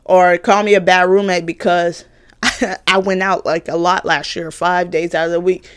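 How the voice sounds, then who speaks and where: A woman's voice: fairly low pitch, normal speed, smooth. A woman in her twenties, a college student telling a heated storytime, swearing and ranting with mocking asides. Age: 20s. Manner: animated, profane, heated, mocking voices of others.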